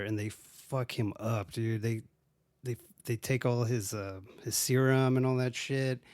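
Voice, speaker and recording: A man's voice: mid-range voice, dry recording, studio quality. A man casually recapping a movie on his own, rambling and swearing often, with lots of "dude" and "like". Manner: profane, rambling, says "dude" a lot. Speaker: podcast host.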